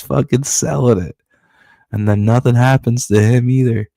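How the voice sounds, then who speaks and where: A man, a comic book creator, walking through his comic in profane, animated storytelling. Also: on the low side, brisk, gravelly, no echo, clean studio sound. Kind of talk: casual comic-book walkthrough.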